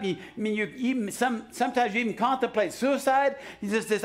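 A pastor preaching a sermon in a church, chatty and joking at times, then rising to loud, fervent exhortation. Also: male voice, extremely high pitch, brisk, hardly any pauses. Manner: conversational preaching that swells to loud, shouted exhortation; joking asides and frequent restarts. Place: church sanctuary.

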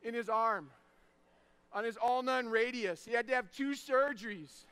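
A man in his thirties preaching an energetic sermon, telling stories, shouting the punchlines and dropping soft for the tender moments. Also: extremely high pitch, moderate pace, smooth. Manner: animated, shouts punchlines, drops to soft tones for emotional moments.

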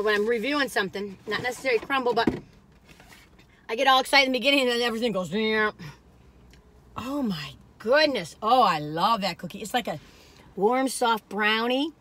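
Casual food vlogger, middle-aged woman, exclamatory rambling delivery, bright tone. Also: on the high side, brisk. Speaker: food reviewer. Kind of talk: casual chat while taste-testing.

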